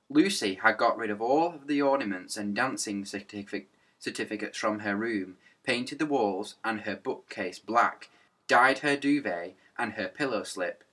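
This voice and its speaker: A man reading a children's book aloud with lively narration and character voices. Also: lowish voice, moderate pace. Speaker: reader.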